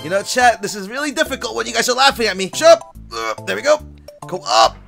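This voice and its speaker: A streamer commentating live gameplay, swearing, pleading and yelling at the game in frustration between calmer stretches. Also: mid-range voice, quick pace, gravelly, soft background music. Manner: pleading and coaxing between outbursts.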